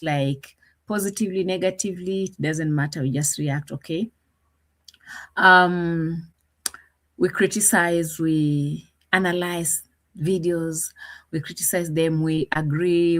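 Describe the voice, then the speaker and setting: A woman hosting a live reaction stream, chatting casually and laughing as she greets viewers by name. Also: fairly low pitch. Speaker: reaction channel host.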